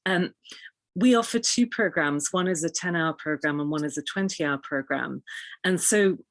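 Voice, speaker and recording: A woman, an interview guest and pronunciation coach, explaining in an articulate, measured way. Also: sits low, no echo.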